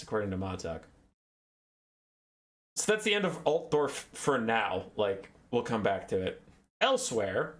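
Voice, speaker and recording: A young man giving a casual, rambling and sarcastic lore recap, swearing and acting out characters. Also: medium pitch. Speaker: lore video host.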